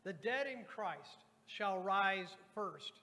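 In a church sanctuary, a pastor preaches a sermon, reading scripture aloud and speaking directly to his congregation. His high voice is animated and sharp, delivered at a slow pace. The recording has a long hall reverb.

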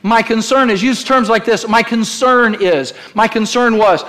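With a high, slightly bright voice, a middle-aged pastor preaches unhurriedly and with few pauses. He is emphatic and direct in church, calling on the congregation to repeat his phrases out loud.

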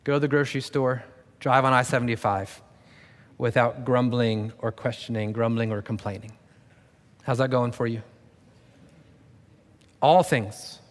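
A man's voice: mid-range voice, fairly even intonation, unhurried, pauses often. A pastor giving a conversational sermon, joking and sarcastic now and then, as he speaks to his congregation in a church. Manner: conversational and self-deprecating, with sarcastic asides. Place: church sanctuary. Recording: long reverb of a large room.

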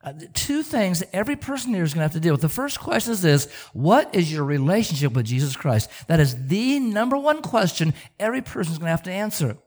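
Animated male preacher telling stories. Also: high voice, fast talker, hardly any pauses. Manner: storytelling, repeats words, animated. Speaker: pastor. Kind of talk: sermon.

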